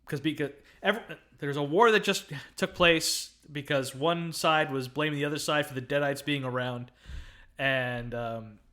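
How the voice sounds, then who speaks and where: This is a man co-hosting a casual film review podcast, talking with bright, lively energy. His voice sits a touch high and clear. He keeps tumbling into loud quoted movie lines and laughing along the way. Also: measured pace. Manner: excitable, quotes lines in loud put-on bursts, laughs often. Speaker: podcast co-host.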